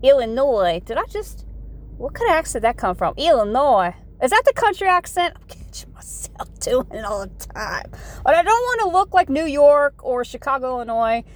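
A woman's voice: sits high, sing-song, fairly quick. A woman in her forties from the United States, talking in a rambling, folksy vlog monologue full of "you know" asides. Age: 40s. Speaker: vlogger.

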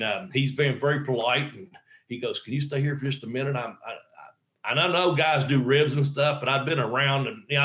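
In casual conversation, a man who wrestles professionally tells a long, rambling story full of fillers and restarts, mimicking the voices of those he quotes. The recording cuts off the highs of his mid-range, fairly bright voice.

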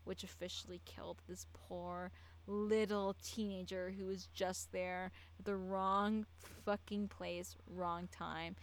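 A woman's voice: on the low side, level tone, slow pace, low-quality recording. A tipsy woman tells a true-crime story in a loose, casual way. She rambles, trips over her words and restarts her sentences as she goes.

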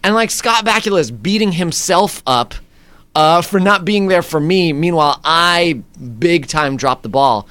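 Smooth-voiced man telling a lively story. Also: on the high side, unhurried, dry recording. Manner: lively anecdotes with acted-out quotes and laughs. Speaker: actor guest. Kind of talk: animated storytelling in conversation.

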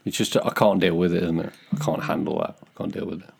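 A man with a British English accent trading dry, low-key jokes in a relaxed podcast chat. His voice is very deep, with a gravelly, husky texture. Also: fast. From Britain.

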